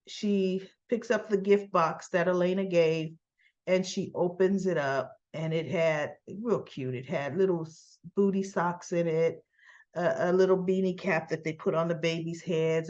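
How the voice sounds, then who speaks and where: A woman's voice: fairly low pitch, lo-fi sound. A woman casually retelling a soap opera episode, chatty and quoting the characters as she goes.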